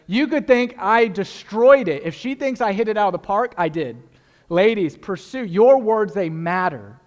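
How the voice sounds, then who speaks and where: A man's voice: high-pitched, lively intonation, moderate pace, big-room sound, highs cut off. A young man preaching a sermon as a pastor, earnest and emphatic, repeating key phrases for effect.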